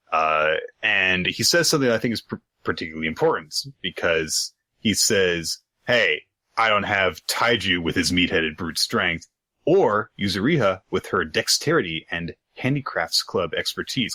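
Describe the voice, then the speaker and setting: A man with a very deep but bright, forceful voice, chatting through a manga recap. He summarizes the plot and slips into the characters' lines. The sound is dry and close. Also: no echo. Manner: recaps plots with quick acted-out quotes and laughter. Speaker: podcast co-host. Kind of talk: casual chat.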